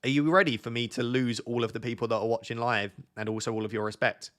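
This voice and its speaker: A man's voice: mid-range voice, fairly even intonation, quick pace, a bit bright. A young man, chatting casually with viewers on a live stream, joking and thinking aloud as he reads their comments.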